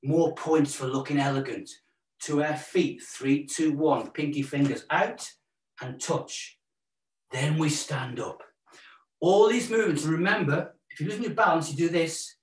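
A Welsh man coaches a live exercise class with cheerful, joking encouragement, counting steps and calling out breaths. His voice sits fairly high for a man. The sound is roomy and picked up from a distance. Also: measured pace. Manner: upbeat, encouraging, jokey, counting out moves. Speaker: fitness instructor. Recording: roomy echo, mic at a distance.

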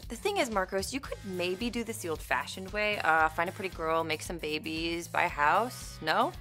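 A woman's voice: lowish voice, normal speed, bright, forceful tone, soft background music. A woman hosting a casual TV recap, speaking in a bubbly, sarcastic way. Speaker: host.

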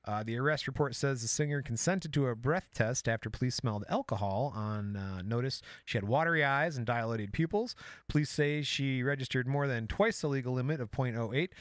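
A man co-hosting a crime podcast who wisecracks and walks through case details in a relaxed way. His voice sits in a middle range, and the sound is dry and close-miked. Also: medium pitch, fairly quick, dry recording. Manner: wisecracking, quizzing. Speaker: podcast co-host. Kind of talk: casual chat, reading case notes.

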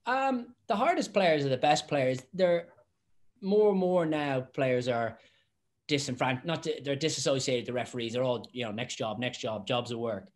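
A man in his forties, a former rugby referee, chatting on a panel and acting out stories with lively quoted voices. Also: medium pitch, normal speed. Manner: animated storyteller, acts out quotes, laughs often. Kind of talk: casual panel chat.

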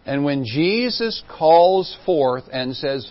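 Slow, emphatic preaching pastor. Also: male voice, on the high side, animated. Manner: emphatic preaching, swinging from soft asides to loud exclamations. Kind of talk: sermon. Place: church sanctuary. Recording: dull lo-fi church recording.

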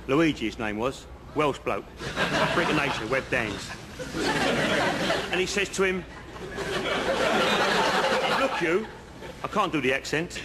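An actor playing a working-class house painter who spins long pointless anecdotes in an earnest, chatty way, outdoors. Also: male voice, medium pitch, very noisy, close to an everyday voice. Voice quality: chatty, earnest storyteller, leading asides. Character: rambling working-class male painter spinning pointless yarns. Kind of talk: comedy sketch acting. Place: outdoors on a bridge.

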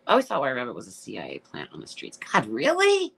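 Extremely low, creaky and husky, this woman's voice swings hugely in pitch as she talks fast. A middle-aged livestream host, she reads viewer comments in a casual chat and responds with blunt emotion and a lot of swearing, tearful at moments.

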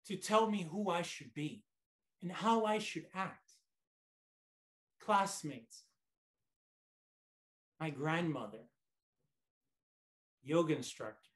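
Slow, animated man giving a speech. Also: high voice. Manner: dramatic pauses, short phrases; storytelling, reflective. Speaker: speech contest competitor. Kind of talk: memorized contest speech. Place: online conference.

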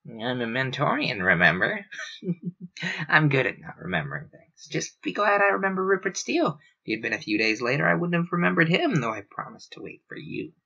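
A man voicing a wry, kindly male character who talks in a low, gentle way, on a dull lo-fi recording. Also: sing-song, moderate pace, creaky, husky, heavily acted.

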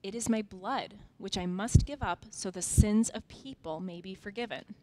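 A woman reading the part of a gentle male spiritual teacher aloud to children, in a soft, simple storybook manner. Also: medium pitch, normal speed, natural voice. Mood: gentle, solemn.

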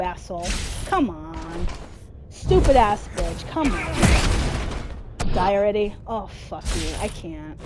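Over a very noisy recording, a woman with a medium-pitched voice gives frustrated gameplay commentary. The gamer curses angrily at the game without letup.

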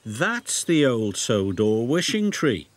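A man voicing a friendly, knowing small male tank engine in a slow, calm way. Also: medium pitch, dry recording. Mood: kindly.

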